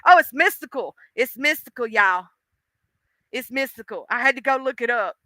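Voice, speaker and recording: A woman chatting casually on a livestream, animated and outspoken, rambling from thought to thought. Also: fairly high pitch, moderate pace, dry recording.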